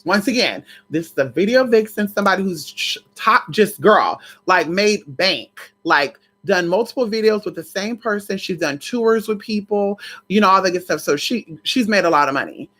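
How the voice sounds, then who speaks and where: A woman's voice: medium pitch, lively intonation, moderate pace, fairly bright tone. A woman vlogger chatting casually to her viewers, telling a story in colloquial, swear-laced speech.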